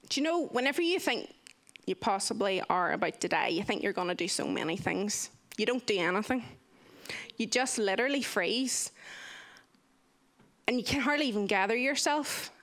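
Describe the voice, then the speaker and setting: A young woman tells a story from her own life with vivid energy, stepping into the lines people said. Her voice sits a little on the high side. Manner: vivid, animated retelling with acted-out quotes. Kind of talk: personal story told to listeners.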